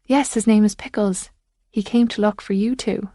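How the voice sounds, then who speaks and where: A woman reading an audiobook, voicing a determined woman officer who coaxes a lost girl gently. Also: medium pitch, fairly even intonation, normal speed, no echo, clean studio sound, close to an everyday voice. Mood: gentle. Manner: urgent but gentle, coaxing.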